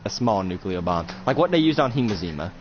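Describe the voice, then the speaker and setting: A man's voice: on the low side, sing-song, quick pace, background noise. A man narrating an improvised roleplay in a rambling, casual way. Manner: rambling, many fillers and restarts. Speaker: game master narrating a roleplay. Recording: dull lo-fi mic with music behind.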